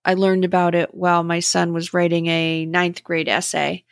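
A middle-aged woman hosting a podcast, speaking in a slow, gentle and contemplative way about spiritual growth. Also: lowish voice, level tone, gravelly, clear, resonant tone, no room sound, studio quality. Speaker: podcast host. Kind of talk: reflective spiritual talk.

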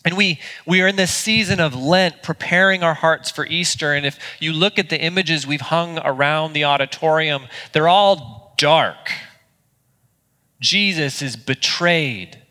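A man's voice: fairly high pitch, normal speed, few pauses, bright, forceful tone, big-room sound. A man preaching a sermon as pastor, earnest and conversational, with small restarts. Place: church auditorium.

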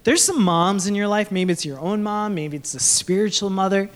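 A man's voice: sits high, normal speed. A young man preaching a sermon in an earnest, conversational way, often restarting his sentences and asking the audience questions. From Sri Lanka. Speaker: pastor.

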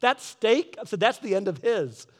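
A man giving a casual devotional talk, telling a story in a lively way and acting out both sides of an argument. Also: high voice, normal speed. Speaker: Christian speaker. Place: garage office.

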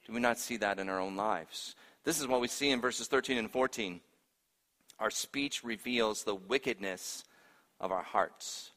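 Man preaching in a reverberant hall. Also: mid-range voice. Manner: preaching with sharp swings from hushed to loud. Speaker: pastor. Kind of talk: sermon.

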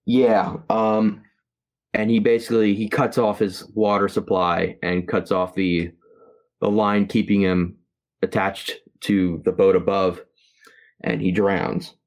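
Guy with a really deep voice chatting about a movie on a podcast, lots of ums. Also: flat delivery. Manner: halting, many fillers and restarts. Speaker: podcast co-host. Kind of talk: casual movie review chat.

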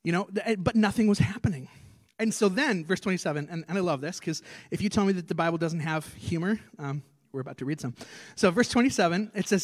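A male pastor preaches from a church stage, telling scripture with lively gestures of voice and acting out the scenes. His voice sits high for a man. The sound is dry and close, with little room echo. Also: fast. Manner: animated storytelling, acting out scripture. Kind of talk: sermon.

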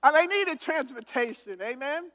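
A woman's voice: high-pitched, lively intonation, moderate pace, fairly bright tone. A woman giving an emphatic testimony sermon, calling for responses from listeners and often restarting words. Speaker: testimony speaker. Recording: hall reverb.

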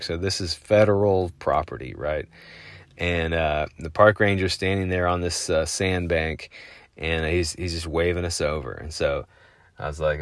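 Deep-voiced man telling a rambling story. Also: a bit bright, no room sound, clean studio sound. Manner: rambling, lots of fillers, chuckling. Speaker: podcast host. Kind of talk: casual storytelling.

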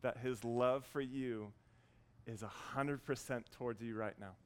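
A man in his thirties preaching a sermon, earnest and warm as he tells a story, with frequent restarts. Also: medium pitch, fairly even intonation, unhurried, clean tone. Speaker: pastor.

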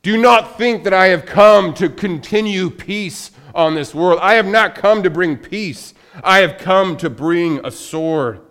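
A fiery, defiant Jesus, as a preacher acts him out, proclaiming loudly and forcefully. Each declaration lands as a firm refusal. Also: male voice, high-pitched, unhurried, hardly any pauses, voice pushed up.

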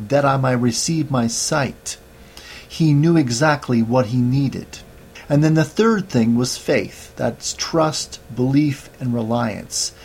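A man delivers a sermon in a calm, measured voice of middle pitch. He reads scripture aloud and cites each verse as he goes. A faint hiss of noise sits under the recording. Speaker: preacher.

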